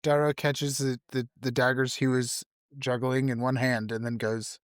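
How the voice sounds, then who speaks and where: A woman playing a character in a tabletop game, wry in tone and dropping into a low, polite voice for her character. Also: little pitch movement, moderate pace, hardly any pauses, no room sound, clean studio sound. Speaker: player.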